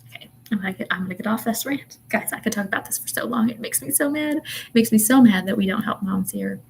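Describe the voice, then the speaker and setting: A woman's voice: mid-range voice, fast talker, creaky, a little hiss or hum, rough recording. A young woman, a mother, ranting in a casual livestream chat, exasperated and chatty with lots of ums and laughs. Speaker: vlogger and mother.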